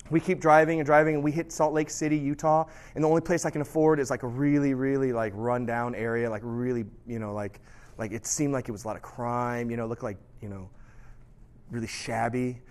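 A male pastor gives a sermon in a relaxed, talky voice that sits a little high for a man. He tells his points like stories and keeps checking in with his listeners. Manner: conversational storytelling, often asks "right?".

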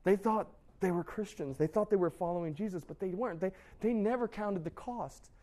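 Young male youth pastor, slightly high voice, chatty and joking sermon style. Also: brisk. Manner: casual, joking, lively storytelling with many fillers and restarts.

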